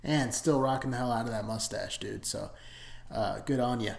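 A man's voice: medium pitch, moderate pace, gravelly, darkish tone, roomy sound. Rambling, profane man reviewing a movie. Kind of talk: casual movie review rant.

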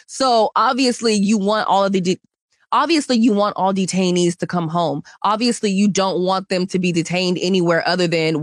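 A woman's voice: mid-range voice, dry recording. A woman hosting her own podcast from a studio, chatting casually and slangily about news and culture. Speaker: podcast host.

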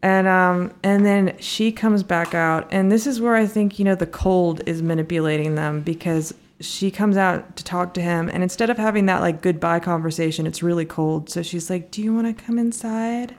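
A woman's voice: on the low side, fairly even intonation, moderate pace, hardly any pauses. A woman co-hosting a casual chat, recapping a reality show with crude jokes and frequent laughter. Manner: crude, joking, laughs often, acts out quotes. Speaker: podcast co-host.

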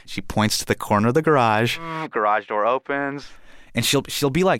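A man from India telling a personal story, acting out the scenes with animated energy. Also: mid-range voice, fairly quick, no room sound.

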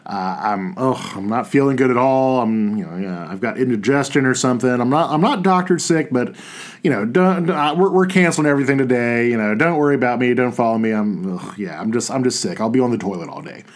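A man voicing a grown man who pretends to be sick, mumbling and groaning in halting bits. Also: mid-range voice, close to an everyday voice. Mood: feigned sickness.

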